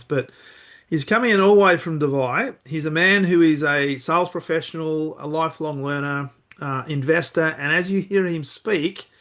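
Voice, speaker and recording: A man hosting a podcast, interviewing a guest in an upbeat, energetic way. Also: fairly high pitch. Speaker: podcast host.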